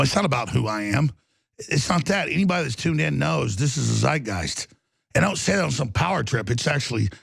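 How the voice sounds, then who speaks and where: Intense, rambling male host with a gravelly, fairly high voice. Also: fairly bright tone, no room sound. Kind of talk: ranting talk show monologue.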